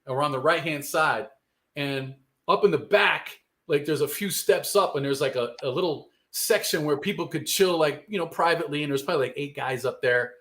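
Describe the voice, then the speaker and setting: A man's voice: a little high, brisk, pushed and bright. A man, a guest telling a long rambling story in casual, profane street slang. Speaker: guest musician.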